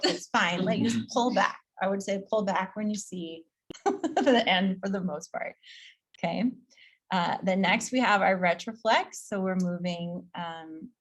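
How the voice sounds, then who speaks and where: Upbeat woman teaching pronunciation drills. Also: mid-range voice. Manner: upbeat, repeats sounds slowly for students to copy; casual, chatty, laughs easily. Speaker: yoga teacher training instructor.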